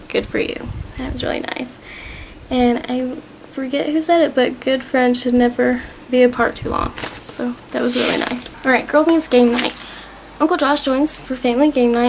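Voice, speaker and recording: A woman's voice: a little high, darkish tone, slight background noise, rough recording. A young woman vlogger casually recapping a TV season, rambling and gushing as she retells scenes.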